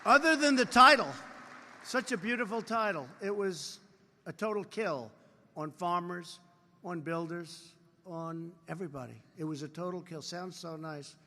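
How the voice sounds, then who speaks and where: A man's voice: high-pitched, measured pace, sharp tone. A man in his seventies giving a rambling political speech at a convention, repeating phrases and adding boastful asides. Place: large convention hall. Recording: hall reverb from live convention.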